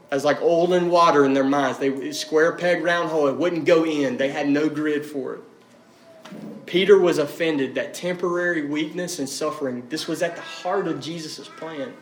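A man's voice: on the high side, slight background noise. Emphatic preacher man, echoey room. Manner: emphatic, repeats key phrases for weight. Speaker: pastor. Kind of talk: expository sermon.

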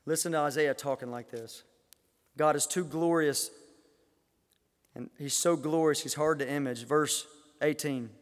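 A pastor with a fairly high-pitched voice preaches with passion. He swings between ringing declarations and hushed asides, often repeating his words. His voice rings out with the long echo of a big church hall. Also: expressive, moderate pace. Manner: impassioned preaching, rising and falling sharply, repeats words. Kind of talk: sermon. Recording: reverberant hall.

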